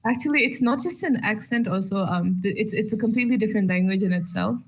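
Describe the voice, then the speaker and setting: Podcast guest: young woman from Bhutan, mid-pitched, laughs a lot, faint hiss behind. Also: fast, low-quality recording. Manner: laughs often, repeats words when starting. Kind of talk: casual podcast chat.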